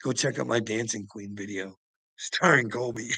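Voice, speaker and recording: A man's voice: mid-range voice, moderate pace, gravelly, pushed and bright, no room sound, rough recording. A man rambling on his channel, swearing a lot, laughing through his words and taunting people by name. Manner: laughs constantly while talking, profane and mocking. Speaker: channel host. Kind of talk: rambling livestream rant.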